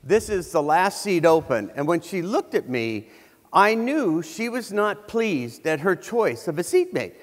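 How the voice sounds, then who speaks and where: A man's voice: sits high, sing-song, a little slow. A middle-aged man giving a humorous keynote on stage, telling a story in a conversational way with many restarts. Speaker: keynote speaker. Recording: reverberant hall.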